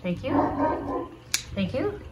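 A woman host talking casually to viewers while trimming her dogs' nails, coaxing them with soft praise. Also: a little high, very animated, drawn-out words, highs cut off, heavy background noise. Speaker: alpaca farmer and channel host. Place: indoors with the dogs on a farm.

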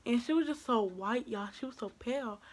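A young woman vlogger telling a personal story in a casual, animated way, acting out what people said and swinging from hushed to loud. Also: fairly high pitch, fairly quick, a little hiss or hum.

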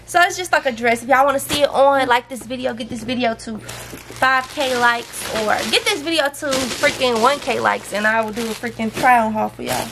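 A woman's voice: on the high side, moderate pace. A young woman, chatting to viewers in a casual haul vlog and scolding her toddler now and then. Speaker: vlogger. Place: home. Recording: noisy home recording.

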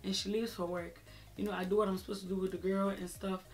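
A woman vlogger telling a personal story in a chatty, animated way, with many fillers. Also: mid-range voice, quick pace, soft background music. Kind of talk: casual storytelling.

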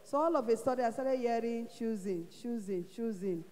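In a large church hall, a Nigerian woman gives her testimony at normal speed in a fairly high voice. She tells her story animatedly, acting out what other people said.

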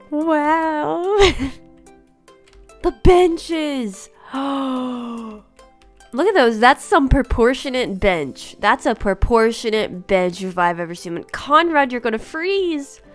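Woman, higher voice, excitable game commentary, gasps and giggles, soft music underneath. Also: extremely slow. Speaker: gaming YouTuber. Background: faint background music.

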